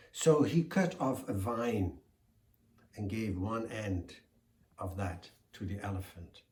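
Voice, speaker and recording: Low-voiced man telling a folk story slowly, echoey room. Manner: slow, deliberate, expressive.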